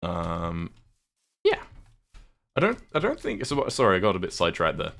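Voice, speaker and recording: A man's voice: deep voice, wildly swooping pitch, normal speed, vocal fry, a bit bright. A British man chatting casually on a livestream while gaming, rambling, swearing offhand and thanking viewers. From United Kingdom.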